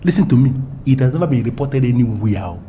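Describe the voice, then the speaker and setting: A man's voice: mid-range voice, animated, fast, warm tone, a little hiss or hum, natural voice. A man playing a menacing lover with a Nigerian accent. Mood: threatening. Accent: Nigerian English. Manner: menacing, grandiloquent, repetitive. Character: domineering man threatening his lover. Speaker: man confronting his lover. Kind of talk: Nollywood film acting.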